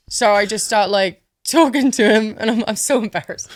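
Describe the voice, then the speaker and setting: A woman, a former pro wrestler, tells stories as an interview guest, animated and swearing freely. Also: mid-range voice, moderate pace, no echo. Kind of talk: casual interview storytelling.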